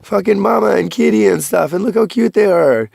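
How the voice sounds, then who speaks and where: A man's voice: high voice, fairly quick, gravelly, a little mellow, husky, no echo, studio quality. A young man vlogging a rambling, profane confessional monologue, joking darkly as he goes. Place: rural home at night, partly outdoors.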